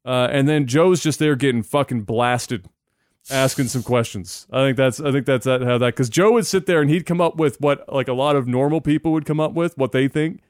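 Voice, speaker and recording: A man hosting a podcast, talking in a casual, profane way and getting loud and animated when worked up. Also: mid-range voice, moderate pace, no room sound, clean studio sound. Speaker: podcast host.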